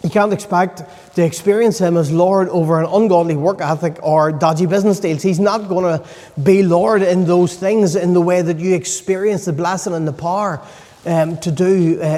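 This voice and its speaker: High-voiced man preaching in a reverberant hall. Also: warm tone. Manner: earnest, emphatic, pausing for stress. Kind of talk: sermon. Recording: long reverb of a large hall.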